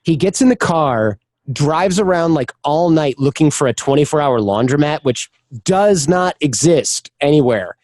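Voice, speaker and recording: A man's voice: a little high, lively intonation, normal speed, darkish tone, no room sound. A man as a podcast guest, chatting candidly in an interview and telling personal stories, often acting out the voices of the people in them. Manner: candid storyteller, acts out quoted voices. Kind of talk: casual interview chat.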